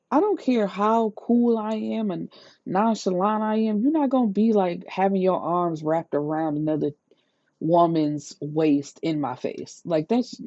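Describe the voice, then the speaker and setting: A woman reviewing a book in a casual rant, retelling the plot in an incredulous, profane, lively way. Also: fairly low pitch, measured pace, dry recording. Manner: incredulous, profane, animated storytelling. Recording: slightly dull lo-fi sound, dry.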